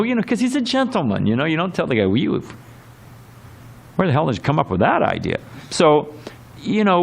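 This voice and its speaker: A man giving a temple scripture class in a rambling, conversational way, full of asides and acted quotes. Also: medium pitch. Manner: rambling and conversational, many fillers and quoted voices. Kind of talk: temple sermon lecture. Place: temple hall.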